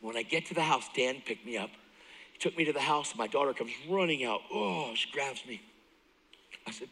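A middle-aged man preaching a testimony sermon, moving from hushed intensity to excited near-shouting. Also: mid-range voice, a little fast, slightly rough, low-quality recording. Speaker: guest preacher.

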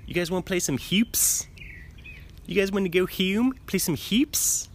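A man putting on an exaggerated male Maryland local who asks the guys to play hoops, his voice high, hushed and drawn out. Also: a little slow, slight background noise. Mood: goofy.

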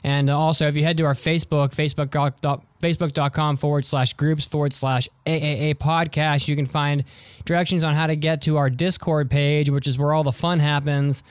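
A man's voice: on the high side, little pitch movement, a little fast, clean tone, dry recording. A man hosting a casual podcast, joking around and rambling through plugs. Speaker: podcast host.

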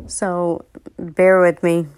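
A woman hosting a podcast, talking in an unhurried, casual monologue with fillers and self-corrections. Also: on the low side, completely flat delivery, a little mellow, clean tone, no room sound. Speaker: podcast host.

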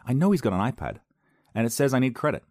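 A man's voice: mid-range voice, very animated, fast, a little mellow, no room sound, studio quality. A young man, hosting a casual solo podcast, telling a self-mocking story and acting out the other people's voices. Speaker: podcast host. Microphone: podcast microphone on a loose cable at home.

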